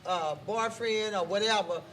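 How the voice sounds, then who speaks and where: A woman's voice: mid-range voice, unhurried, fairly bright tone. A woman in her fifties hosting a casual live talk show, chatty, laughing often as she reads viewer comments aloud.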